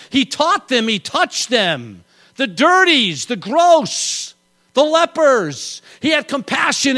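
A middle-aged man preaching a sermon with passion, swinging between loud declarations and soft, slow words. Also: sits high. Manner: impassioned, dramatic shifts between loud and soft. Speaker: pastor.

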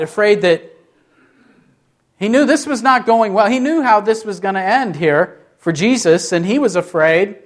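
A man, a pastor, preaching a sermon with many questions to the listeners and short acted-out quotes. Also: high voice.

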